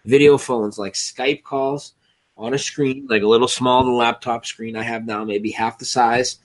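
A man's voice: medium pitch, steady tone, measured pace. A man co-hosting a casual online show, rambling with restarts, swearing freely in disbelief. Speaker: co-host.

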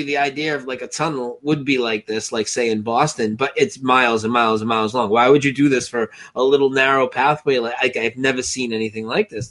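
A man's voice: mid-range voice, fairly even intonation, fairly quick, hardly any pauses, a bit bright. A man co-hosting a casual online show, rambling with restarts, swearing freely in disbelief. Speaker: co-host.

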